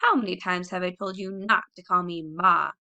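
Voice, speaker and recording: Woman reading proud pioneer mother, bright, indignant and loud. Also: on the low side, moderate pace. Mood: scolding. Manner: fierce, dignified outbursts. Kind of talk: audiobook character reading.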